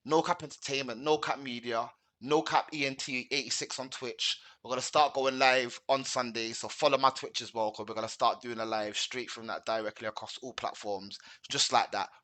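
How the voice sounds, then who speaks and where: Guy hosting a sports chat, rambly and slangy, bright voice. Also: medium pitch, fairly even intonation, normal speed, hardly any pauses, no room sound. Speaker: host. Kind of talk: casual chat.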